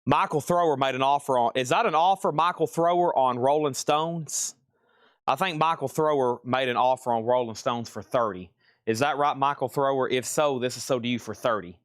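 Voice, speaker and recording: A man's voice: medium pitch, normal speed, no room sound, clean studio sound. A man hosting a live record sale, talking in a casual, rambling, chatty way. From Tennessee. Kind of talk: live sales stream.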